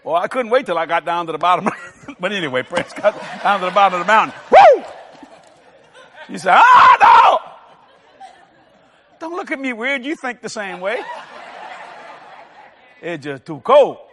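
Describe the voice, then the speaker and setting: A man's voice: high-pitched, lively intonation, brisk, fairly bright tone, big-room sound, a faint crowd, slight background noise. A man preaching a sermon as pastor, telling folksy stories and teasing his congregation.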